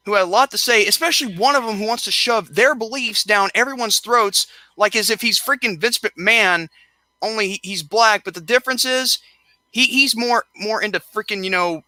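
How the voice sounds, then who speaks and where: A man's voice: sits high, normal speed, pushed and bright, no echo. A young man hosting a casual live-stream chat, rambling and tripping over his words as he repeats himself while he rants.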